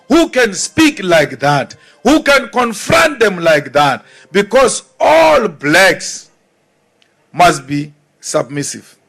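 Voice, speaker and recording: This is a South African man giving a political speech in a high, ringing voice. He speaks slowly and deliberately, with defiant weight on each point, and faint music plays behind him. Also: creaky. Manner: forceful, defiant, repeats phrases for emphasis; mimics timid voices mockingly. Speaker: politician addressing a crowd.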